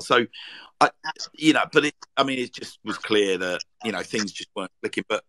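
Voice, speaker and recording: A man's voice: on the low side, animated, fairly quick, sharp tone, a little hiss or hum, low-quality recording. A man hosting a football fan podcast, chatting casually and reading listener tweets aloud in a rambling way, with many ums and restarts. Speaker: podcast host.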